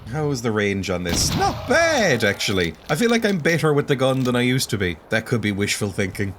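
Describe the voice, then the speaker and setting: A man's voice: medium pitch, huge pitch swings, brisk, hardly any pauses, fairly bright tone, slight background noise. An Irish man in his late twenties giving chatty, self-mocking commentary while he plays a game and often breaks into exclamations. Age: late 20s. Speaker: let's play host. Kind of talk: gameplay commentary.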